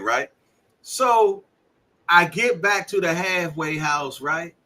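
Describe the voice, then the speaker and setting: A man's voice: a little high, normal speed. A man from Washington, D.C. co-hosting a podcast, telling stories in casual chat and acting out the dialogue. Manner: animated storyteller acting out dialogue. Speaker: podcast co-host. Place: live stream setup.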